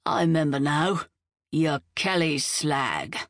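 A woman's voice: low voice, a bit bright, no room sound, clean studio sound, recorded from a distance, exaggerated voice. A woman voicing a surly, drunken dockside man who slurs his words and snarls. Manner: slurred, snarling, slow drawl.

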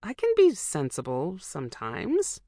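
A woman's voice: lowish voice, huge pitch swings, a little slow, dark tone, no echo, clean studio sound, full character voice. A woman voicing a defensive, stubborn young woman protagonist in an audiobook, in a sulky, defensive manner. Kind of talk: audiobook dialogue.

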